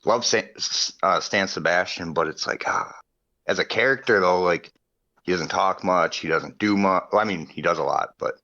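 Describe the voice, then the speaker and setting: A man's voice: deep voice, moderate pace, lo-fi sound. A man co-hosting a podcast, chatting casually and retelling scenes with frequent laughter. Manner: laughs often, animated retelling. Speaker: podcast co-host. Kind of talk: casual chat.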